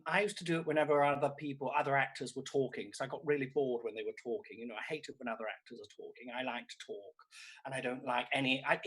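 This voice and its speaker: A man's voice: medium pitch, fairly bright tone, husky, poor audio. A male comedian playing a vain, self-absorbed aging stage actress, hosting a streamed comedy show from home with camp, theatrical, sweary delivery. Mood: bored. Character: vain grande dame actress, middle-aged woman, theatrical and self-absorbed. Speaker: comedian host. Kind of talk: live-streamed character comedy. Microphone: laptop or streaming mic.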